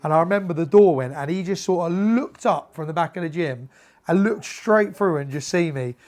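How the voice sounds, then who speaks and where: A man tells boxing-gym stories in casual chat, slightly higher-pitched than most men. He acts out the voices of the people in his stories and swears freely. The delivery is lively and conversational. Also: a little fast. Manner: animated anecdotes, acts out quoted dialogue, swears freely. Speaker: podcast guest, former professional boxer.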